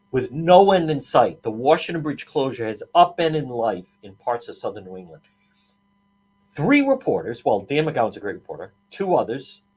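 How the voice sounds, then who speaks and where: A man with a slightly high, husky voice hosts a talk show, delivering heated political commentary. He rants with sarcastic, fiery indignation and restarts himself often.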